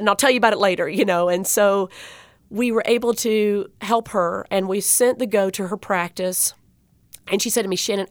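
A woman tells a heartfelt story as an interview guest, animated and near tears. Her voice sits in the middle range and sounds dry and close. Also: medium pitch, dry recording. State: choked up. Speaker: guest speaker.

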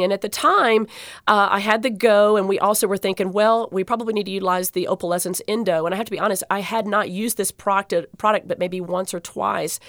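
A woman who works as a dental assistant, telling a personal patient story in an interview, heartfelt and animated, with many fillers and restarts. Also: mid-range voice, dry recording, clean studio sound.

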